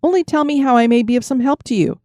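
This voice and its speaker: A woman voicing a kind man who pleads gently with a stranger, her pitch raised. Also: quick pace, no room sound, clean studio sound, close to an everyday voice. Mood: pleading.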